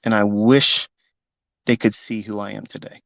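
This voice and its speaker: Blunt, gravelly fifty-year-old man. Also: on the low side, level tone, moderate pace, a bit bright, dry recording. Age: 50s. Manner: emotional, blunt, swears freely. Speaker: trading mentor. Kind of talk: off-the-cuff live audio talk.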